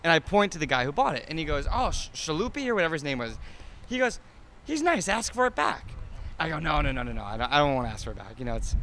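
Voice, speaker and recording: A man's voice: fairly high pitch, animated, very fast, fairly bright tone, slight background noise. A man in his thirties, an interview guest chatting casually about his cars, rambling with lots of fillers and restarts.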